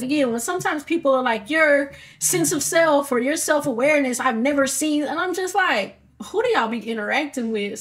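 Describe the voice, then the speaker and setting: Southern woman guest, higher-pitched, blunt and emphatic, salty language. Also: fairly bright tone. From Alabama, US. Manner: outspoken, emphatic, swears freely. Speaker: podcast guest. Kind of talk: casual conversation.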